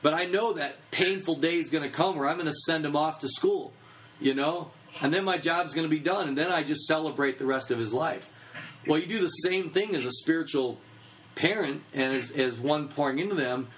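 A man in his thirties, with a fairly high, somewhat bright voice and a moderate pace, gives an informal teaching talk on children's ministry, chatty and packed with fillers. The low-quality recording carries a little background noise.

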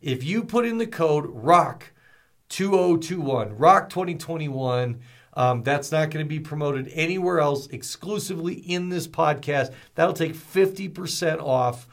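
A man hosting a ministry podcast, talking in an energetic, storytelling way with folksy asides. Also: a little high, a little slow, gravelly. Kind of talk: motivational podcast talk.

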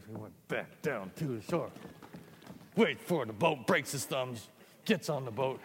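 A man spins a children's object lesson with playful, animated timing, stretching some words and rushing others as he shows teachers how to tell it. His ordinary mid-range voice carries a long hall reverb. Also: medium pitch, slight background noise. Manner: animated, playful, builds up and slows down for effect. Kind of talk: storytelling demonstration for teachers.

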